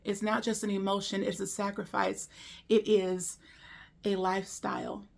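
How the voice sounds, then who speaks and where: A woman's voice: mid-range voice, little pitch movement, normal speed, gravelly. Chatty woman teaching discipleship. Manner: conversational, full of rhetorical questions; frequent ums and restarts. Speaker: ministry leader presenting a discipleship course. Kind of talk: casual teaching to camera.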